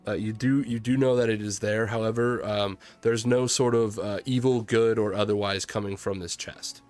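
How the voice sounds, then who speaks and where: Casting: lowish-voiced male game master, halting narration, soft music underneath. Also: fairly even intonation. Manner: halting, many ums and restarts.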